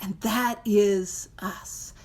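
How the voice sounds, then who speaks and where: A woman's voice: mid-range voice, fairly even intonation, drawn-out words, a little mellow. A woman hosting a recovery book study, talking in a chatty, self-mocking way and laughing often. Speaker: podcast host leading a recovery book study. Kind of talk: casual recovery talk.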